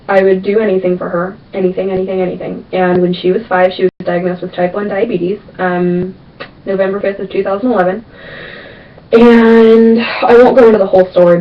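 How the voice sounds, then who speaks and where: Chatty young woman on a lo-fi webcam. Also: mid-range voice. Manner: chatty and emphatic, repeats words for stress. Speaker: vlogger answering viewer questions. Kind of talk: casual Q&A vlog. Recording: distant, dull lo-fi webcam sound.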